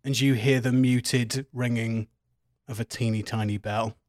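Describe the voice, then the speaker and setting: A man narrating as game master, relaxed and chatty. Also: mid-range voice, unhurried, no echo, clean studio sound.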